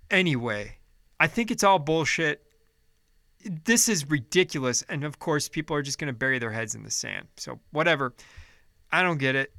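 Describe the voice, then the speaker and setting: Angry guy venting on camera, high bright voice, swears a ton, keeps tripping over his words. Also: animated, normal speed, gravelly, dry recording, studio quality. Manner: heated, profane, restarting sentences. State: upset and frustrated. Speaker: vlogger. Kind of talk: angry political rant.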